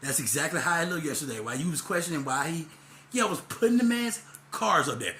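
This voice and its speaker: A man's voice: on the high side, expressive, quick pace, reverberant, a little hiss or hum. A man ranting to the camera in a rambling, angry, profane monologue. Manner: loud and heated in the second half. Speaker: vlogger.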